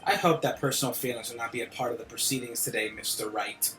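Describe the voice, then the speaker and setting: A man reading aloud the lines of a cold, sharp male prosecutor from a game, in a stiff, formal way. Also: mid-range voice, fairly even intonation, quick pace, echoey room, faint music behind, voice pushed down, lightly acted.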